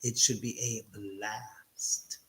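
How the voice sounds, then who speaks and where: A man's voice: on the low side, little pitch movement, drawn-out words, bright, forceful tone, roomy sound, rough recording. A man hosting a casual livestream, chatting with viewers in a rambling, joking way with crude banter. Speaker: livestream host. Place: room in a house.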